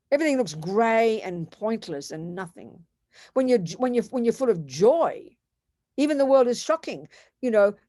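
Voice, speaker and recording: A woman's voice: on the high side, mellow, no echo, clean studio sound. An older woman giving an earnest, emphatic Buddhist teaching, repeating phrases for stress. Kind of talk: dharma talk.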